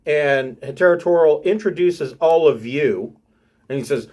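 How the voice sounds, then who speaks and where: A man narrating a tabletop game as game master, halting and filling gaps with ums and uhs. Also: fairly high pitch, a little mellow.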